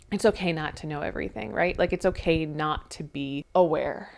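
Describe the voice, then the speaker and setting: A woman's voice: deep voice, normal speed, vocal fry, hardly any pauses. A young woman giving a casual astrology reading, talking in a chatty, emotional way with lots of fillers and moments close to tears.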